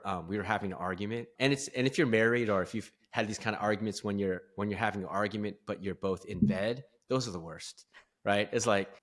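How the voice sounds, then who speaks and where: Male podcast guest, candid storyteller, slightly low and bright-toned, earnest and self-mocking. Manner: earnest, openly vulnerable, laughs at himself. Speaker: podcast guest, performance coach.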